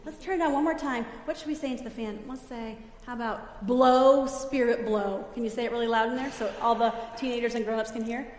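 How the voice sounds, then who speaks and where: High-voiced woman leading a playful children's sermon. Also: brisk, hardly any pauses. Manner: animated, playful, laughs often. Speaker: children's message leader at church. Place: church sanctuary. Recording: echoey church hall with long reverb.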